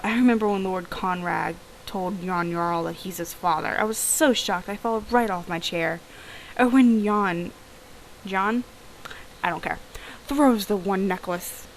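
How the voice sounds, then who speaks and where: A woman's voice: mid-range voice, slight background noise, natural voice, low-quality recording. A woman voicing a bubbly villager who coos and rambles, reading game dialogue aloud. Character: gushing pet-loving villager, bubbly.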